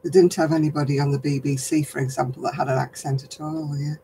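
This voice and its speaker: An older woman from northern England with a softened regional accent, hosting a casual craft live stream, chatting with viewers and chuckling often. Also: deep voice, flat delivery, quick pace, a little hiss or hum, low-quality recording. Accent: softened northern English. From Oldham, England. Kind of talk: casual chat answering viewer comments.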